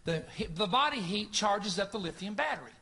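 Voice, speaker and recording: A male preacher with a high, forceful voice tells a story from the pulpit. He talks in an animated way and slips into the voices of the people in his story as he goes. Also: fairly quick. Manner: animated, acts out reported dialogue. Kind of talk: sermon storytelling.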